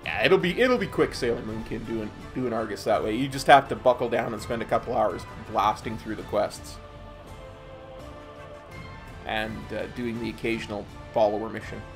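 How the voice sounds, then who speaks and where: Male game streamer, gravelly voice, rambling and easygoing, faint game music underneath. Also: on the low side, normal speed. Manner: laid-back, rambling, chatting with viewers. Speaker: gaming streamer. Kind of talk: casual gameplay chat.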